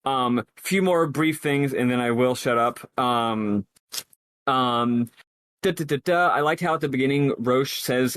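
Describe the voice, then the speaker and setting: Unhurried and a bit bright, this mid-range male voice comes through a dry, clean studio recording. He's a podcast co-host in a casual game discussion, earnest and analytical, rambling at length and restarting as he thinks aloud.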